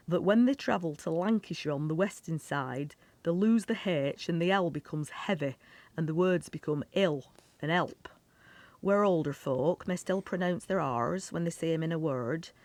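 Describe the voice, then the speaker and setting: A woman's voice: fairly low pitch, dry recording. A woman giving scripted narration, lilting and explanatory, in a played clip. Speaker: narrator of a dialect video clip.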